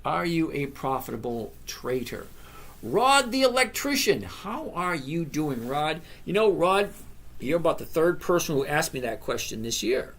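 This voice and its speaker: A man's voice: fairly high pitch, animated, moderate pace. Chatty older man answering viewer questions. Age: 60s. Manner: reads viewer questions aloud and answers them by name, rambling and chatty. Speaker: trading educator hosting a live stream. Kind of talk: casual live-stream Q&A.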